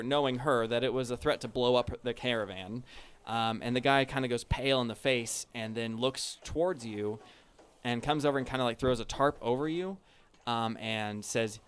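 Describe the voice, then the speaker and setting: Smooth-voiced man running a tabletop game. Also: mid-range voice. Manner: loose and casual, heavy on um and like. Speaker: game master.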